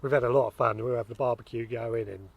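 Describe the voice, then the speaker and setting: A man's voice: medium pitch, steady tone, quick pace, vocal fry, husky, dull audio. A man hosting a podcast, chatting in an easygoing, teasing way with a guest on an allotment. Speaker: podcast host. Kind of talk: casual outdoor chat. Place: outdoors on an allotment.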